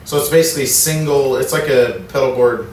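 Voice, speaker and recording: A man's voice: mid-range voice, a little fast, a little mellow. Rambling man on an echoey podcast. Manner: rambling, jokey, thinks aloud. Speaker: podcast co-host. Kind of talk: casual podcast chat. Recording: echoey room, distant mic, faint hiss.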